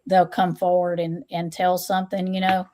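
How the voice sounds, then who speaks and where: A woman hosting a casual livestream chat, who repeats her phrases, greets viewers and reads out their comments. She is still a little hoarse. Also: lowish voice, completely flat delivery, moderate pace, mellow, a little hiss or hum. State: recovering from hoarseness. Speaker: stream host and tarot reader.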